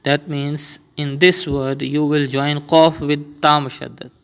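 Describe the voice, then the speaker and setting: A man teaching a beginner Quran reading lesson, explaining rules step by step and patiently repeating each sound slowly for learners. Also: fairly high pitch, level tone, fairly bright tone, clear, resonant tone.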